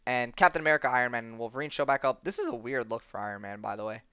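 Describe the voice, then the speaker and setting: A man's voice: mid-range voice, rapid-fire, bright, forceful tone, clear, resonant tone, no room sound, highs cut off. A man hosting a podcast, casually recapping a comic storyline in a rambling way full of ums and likes. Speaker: podcast host.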